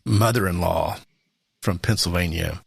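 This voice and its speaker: A middle-aged Southern man shares family stories on a casual podcast, chuckling as he goes. His voice is low, gravelly and husky. The recording is dry and close. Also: unhurried, no echo. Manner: chuckling, anecdotal. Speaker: podcast co-host.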